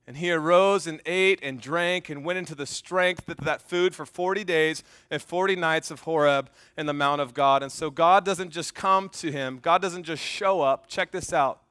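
High-voiced animated male preacher. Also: normal speed, hardly any pauses, clean tone, no room sound, clean studio sound. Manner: animated preaching, reads scripture aloud, jokes with congregation. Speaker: pastor. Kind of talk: sermon. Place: church.

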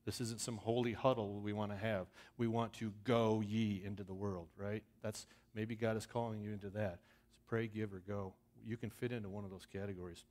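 A man's voice: on the low side, little pitch movement, a little fast. A man, a missions pastor, speaking to his church in a sermon, moving from easy asides to fervent, emphatic passages. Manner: earnest, builds to loud emphatic scripture reading; conversational with restarts and asides.

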